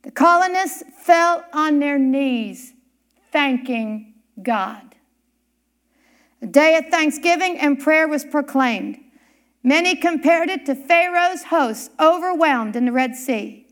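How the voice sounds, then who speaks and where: Slow, high-voiced woman telling a sermon story. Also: expressive, fairly bright tone. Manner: dramatic slow storytelling with emphatic pauses. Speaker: church speaker.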